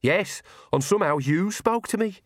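Guy doing a worked-up young woman, high, blunt, dry sound. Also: expressive, moderate pace, no echo. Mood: agitated. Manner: agitated, blunt.

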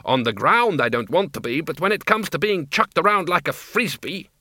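A man's voice: fairly high pitch, lively intonation, normal speed, pushed and bright, no room sound, pitched above the performer's own voice. A man voicing a reluctant middle-aged vampire count who complains constantly. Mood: grumbling. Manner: complaining, whiny.

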